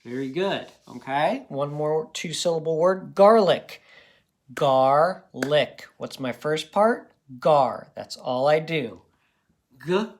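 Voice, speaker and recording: A man's voice: on the high side, expressive, unhurried, few pauses. A man teaching a phonics lesson to children, patient and encouraging, checking in often with "okay?".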